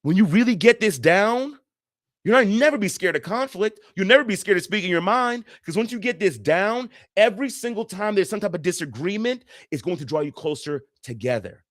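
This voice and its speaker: A man's voice: high voice, expressive, fairly quick, a bit bright, dry recording, studio quality. A man coaching on relationships in a casual, earnest teaching talk, repeating points and acting out quoted voices.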